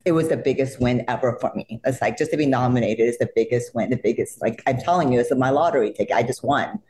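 A woman, not a native English speaker, telling stories as an interview guest, emotional and laughing often, acting out quotes in high excited voices. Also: quick pace. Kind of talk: animated storytelling in an interview.

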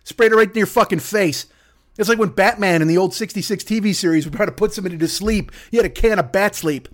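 Comedy podcast host, male, high-pitched, foul-mouthed ranting delivery. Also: fast. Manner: ranting, profane, riffing into mock voices. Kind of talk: profane comedic rant.

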